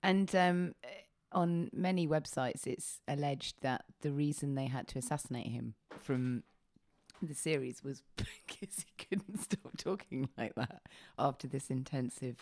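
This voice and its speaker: An interviewer putting mock-serious questions with a dry, even delivery. The voice is mid-pitched and recorded close and dry, with no room sound. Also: measured pace, dry recording.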